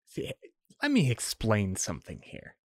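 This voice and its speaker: Guy doing a crude sneering vampire gang queen, low-ish voice, dry close sound. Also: huge pitch swings, measured pace, dry recording, exaggerated voice. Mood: taunting. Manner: crude, taunting. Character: brash scornful female vampire gang leader.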